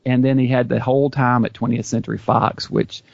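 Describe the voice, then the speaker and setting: Gravelly man, enthusiastic film buff. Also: mid-range voice, flat delivery, fairly quick, a little mellow, dry recording, muffled recording. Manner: knowledgeable, enthusiastic, with restarts. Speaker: YouTube series host, guest. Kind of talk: casual podcast chat.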